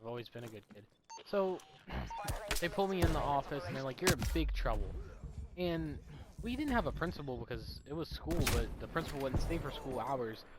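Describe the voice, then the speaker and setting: A young man telling a story in a casual, profane, animated way while gaming. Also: medium pitch, fairly quick, heavy background noise. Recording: loud game gunfire underneath. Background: video game gunfire and voice lines.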